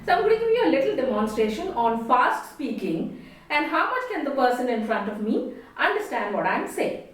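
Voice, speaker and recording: An Indian woman trainer delivers a lesson, stressing words expressively. Her voice is high and swings widely as she talks fast. The sound is echoey and set well back from the mic. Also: very animated. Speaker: communication trainer. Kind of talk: spoken lesson. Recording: echoey room, distant mic.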